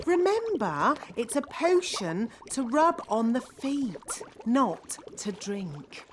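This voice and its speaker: A bossy, prim fairy nanny. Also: female voice, a little high, big pitch swings, slow pace, a little hiss or hum. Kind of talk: cartoon voice acting.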